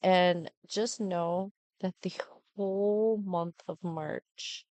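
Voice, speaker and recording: A middle-aged woman talks casually to her live stream viewers, rambling along with plenty of ums and asides. Her voice sits a bit low. The sound is dry and close. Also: fairly even intonation, drawn-out words, a little mellow, clean tone, dry recording. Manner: rambling, chatty, with many fillers.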